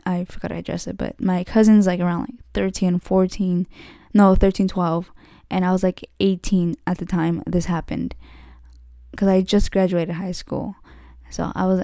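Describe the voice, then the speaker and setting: A young woman rambles through a story on her own podcast, leaning on "like" and starting sentences over. Her voice is mellow and soft-edged, and the recording is dry with no room sound. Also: on the low side, vocal fry, no room sound. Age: young adult. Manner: rambling, full of "like" and "legit", many restarts. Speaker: podcast host. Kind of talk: casual storytelling monologue.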